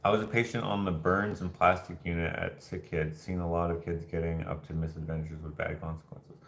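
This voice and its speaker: Deep, brisk and creaky, the voice belongs to a Canadian man hosting a laid-back livestream in an echoey room. Between viewer comments he spins meandering, animated tales, voicing the people in them himself.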